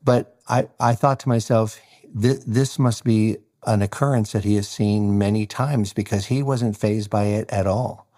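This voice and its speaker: This hairstylist, a guest on an interview podcast, speaks at a moderate pace in a fairly low voice. He's an animated storyteller who acts out the voices of the people in his stories.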